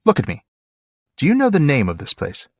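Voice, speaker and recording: A man voicing a grave, stern captain in a read-aloud passage, measured and commanding. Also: fairly high pitch, wildly swooping pitch, a little mellow, husky, dry recording, studio quality, voice pushed up, exaggerated voice.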